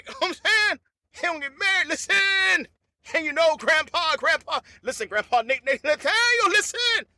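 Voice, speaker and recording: A man delivers a rambling comedic monologue on his podcast, animated and repetitive, laughing as he goes. His voice sits very high and sounds sharp and bright. The recording is dry and close, with no room sound. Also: dry recording. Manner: animated, repeats phrases, bursts of laughter.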